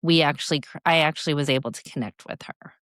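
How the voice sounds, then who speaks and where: Low, smooth-voiced woman in her forties, unhurried, reflective podcast guest sharing a coaching story. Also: a bit bright, no room sound, clean studio sound. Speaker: guest speaker and leadership coach. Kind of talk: podcast interview.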